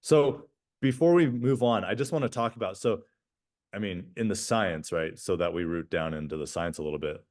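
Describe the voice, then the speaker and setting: Lively man co-hosting a podcast. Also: sits low, moderate pace. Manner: animated, many restarts and "right?" tags. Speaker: podcast co-host. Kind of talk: casual podcast chat.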